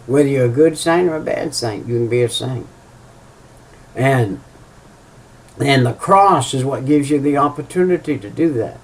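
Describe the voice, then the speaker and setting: A man preaching informally, halting with many fillers and restarts, and repeating key phrases for emphasis. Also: medium pitch. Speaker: lay preacher. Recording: voice a bit far from the mic.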